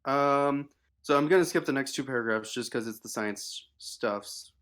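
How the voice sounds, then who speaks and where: A man's voice: mid-range voice, normal speed, fairly bright tone. A man reading an article aloud on a casual livestream, stumbling with fillers and restarts.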